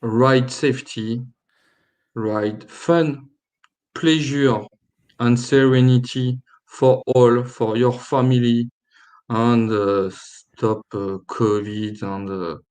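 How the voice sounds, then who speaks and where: A man from France with a French accent, a company founder guesting on a livestream, speaking hesitantly with many filler pauses. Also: medium pitch, steady tone, darkish tone, smooth. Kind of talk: casual livestream interview.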